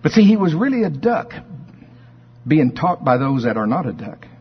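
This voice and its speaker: Folksy preacher man with a husky voice. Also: a little high, normal speed. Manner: folksy, animated storyteller. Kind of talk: sermon with a folksy storytelling tone. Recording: dull sound with long hall reverb.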